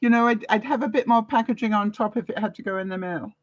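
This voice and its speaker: A woman's voice: on the high side, quick pace, no room sound, dull audio. An older woman from Canada chatting casually with viewers, retelling conversations and laughing often. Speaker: vlogger. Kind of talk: casual livestream chat.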